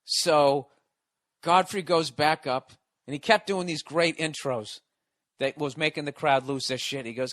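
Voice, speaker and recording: A man hosting a podcast, telling a story in a casual, profane, animated way that keeps building excitement. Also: a little high, moderate pace, no room sound, clean studio sound. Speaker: podcast host.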